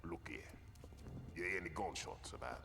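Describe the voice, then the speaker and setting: An actor playing a sneering, menacing security heavy in a video game, with a South London accent and a gravelly voice. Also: male voice, a bass voice, lively intonation, normal speed, heavily acted. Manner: mocking, menacing. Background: game music.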